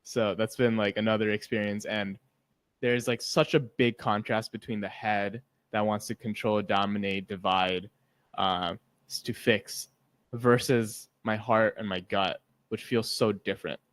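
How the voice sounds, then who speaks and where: Low-voiced man sharing feelings openly. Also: steady tone, unhurried, fairly bright tone, no echo. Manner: emotional, open, rambling with many "like" fillers, swears casually. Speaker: podcast co-host. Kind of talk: casual reflective chat.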